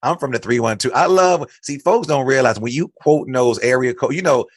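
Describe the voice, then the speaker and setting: A man from Chicago hosts a podcast interview in a casual, animated way, teasing and hyping his guest. His voice sits at an ordinary pitch for a man. The studio sound is dry and close. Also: fairly quick, no room sound. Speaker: podcast host. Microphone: studio mic.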